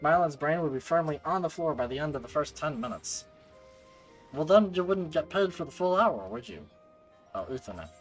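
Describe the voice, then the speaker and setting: A man's voice: on the high side, lively intonation, moderate pace, faint music behind. A man streaming a game, joking with chat in casual commentary. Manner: joking, laughing, talks to chat.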